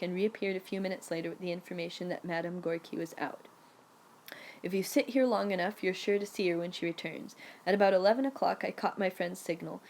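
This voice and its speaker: Low-voiced woman narrating an audiobook. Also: a little mellow, slight background noise. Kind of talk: scripted first-person narration.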